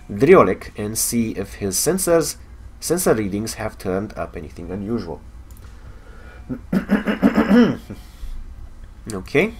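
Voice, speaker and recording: A man with a Romanian accent reading the log of a weary male alien soldier in a space game, solemn and measured. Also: mid-range voice, breathy edge, exaggerated voice.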